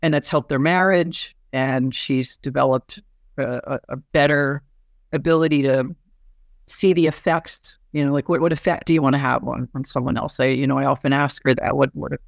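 A woman's voice: a bass voice, fairly even intonation, normal speed, gravelly, no room sound, studio quality. A woman physician and therapist in a podcast conversation, recounting a patient case with frequent restarts.

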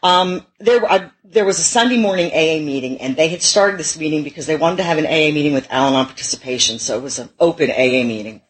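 A woman's voice: deep voice, animated, fast talker, few pauses, poor audio. Middle-aged woman sharing her story at a recovery meeting, wry and self-mocking, plain everyday voice. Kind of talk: personal recovery talk.

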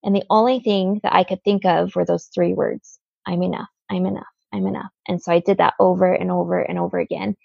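A woman's voice: lowish voice, fairly even intonation, fairly quick, creaky, hardly any pauses, mellow, dry recording, muffled recording. A woman guest telling a personal story in an interview, earnest, with lots of "like" fillers.

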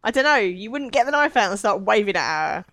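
A woman's voice: medium pitch, animated, fast, a bit bright, dry recording, rough recording. A British woman co-hosting a podcast, chatting casually and ending remarks with tag questions. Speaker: podcast co-host. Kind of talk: casual chat recapping a show.

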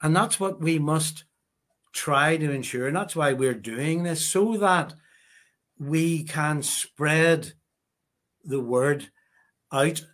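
A man giving an earnest, measured interview answer as a guest. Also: fairly high pitch, a bit bright.

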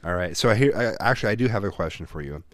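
Deep-voiced laid-back male host. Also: lively intonation, rapid-fire, no echo, clean studio sound. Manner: laid-back, teasing, chuckling. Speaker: podcast host. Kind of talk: casual chat.

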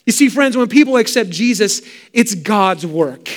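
A middle-aged male pastor delivering a sermon with fervent, emphatic repetition. His voice sits notably high for a man. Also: animated, moderate pace.

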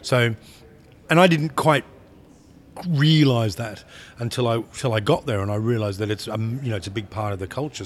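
A lowish male voice belonging to a film director in conversation. He rambles and restarts, stacking repeated words while he gathers his thoughts. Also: a little hiss or hum. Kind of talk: interview conversation.

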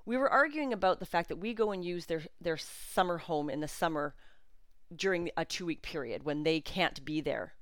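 Chatty woman podcaster, smooth voice. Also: fairly low pitch, normal speed, dry recording, studio quality. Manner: emotional, animated, chatty with fillers. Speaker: podcast host. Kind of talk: personal storytelling monologue.

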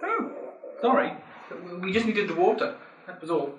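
Player, high bright voice, stammers a lot, echoey room. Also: male voice, very animated, moderate pace, muffled recording, slight background noise. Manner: hesitant, polite, stammers. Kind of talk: playing a tabletop game. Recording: echoey room, far mic.

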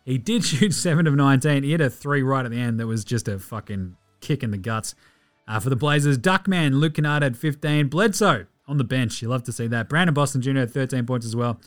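A man with an Australian accent hosting a casual basketball recap podcast, sweary and excitable, mocking players in silly voices. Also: medium pitch, fairly quick, faint music behind. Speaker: podcast host.

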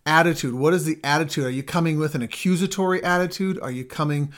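A man's voice: on the high side, quick pace, a bit bright. Earnest married man coaching couples. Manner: earnest, emphatic, builds intensity in lists. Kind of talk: casual teaching chat.

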